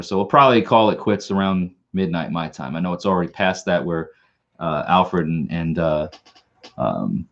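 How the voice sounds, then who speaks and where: Male stream host, deep voice, loose rambling chat, a little buzzed, muffled lo-fi sound. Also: moderate pace. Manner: rambling and laid-back, many fillers. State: slightly tipsy. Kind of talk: casual live stream chat.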